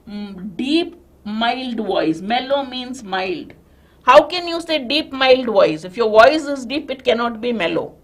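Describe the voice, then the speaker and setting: A woman's voice: fairly high pitch, fairly bright tone. A woman with an Indian English accent teaching a live online vocabulary class, explaining step by step and checking in with students.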